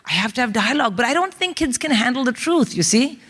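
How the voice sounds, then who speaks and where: A woman's voice: a little high, fast, breathy edge. A woman in her forties from India with an Indian accent, co-hosting a comedy show and telling family stories on a theatre stage, acting out relatives in voices. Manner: animated, acts out family members in voices. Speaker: comedian co-host. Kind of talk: stand-up storytelling to a live audience. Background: audience laughter.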